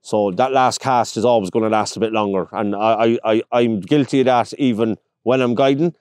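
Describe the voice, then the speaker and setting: A man's voice: on the low side, brisk, darkish tone, smooth, no echo, studio quality. An Irish man from Longford, a pike fishing guide, chatting outdoors on a boat and telling stories in which he acts out the people he quotes. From Ireland, County Longford. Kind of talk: casual interview chat.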